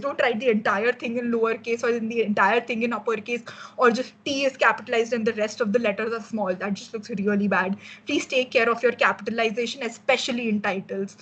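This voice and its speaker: Slightly husky young woman teaching design. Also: fairly high pitch, lo-fi sound. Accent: Indian English. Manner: casual explanatory, frequent fillers and restarts. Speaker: workshop mentor. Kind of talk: online workshop lecture.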